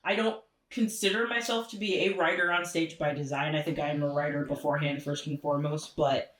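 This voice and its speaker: A woman, a comedy producer and stand-up comedian, giving interview answers in a relaxed, laughing storytelling manner. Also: low-pitched, fairly quick. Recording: echoey room.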